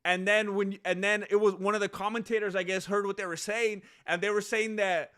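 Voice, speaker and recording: Excitable male fight streamer with a high voice and sudden shouts, recorded dry. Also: brisk, clean tone, dry recording. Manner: mimics fighters in goofy voices. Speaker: fight commentator. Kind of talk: live fight reaction stream.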